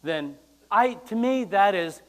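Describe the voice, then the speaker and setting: A man pastor from the United States preaching a sermon, animated and acting out quoted lines with loud bursts. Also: sits high, takes it slowly. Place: church.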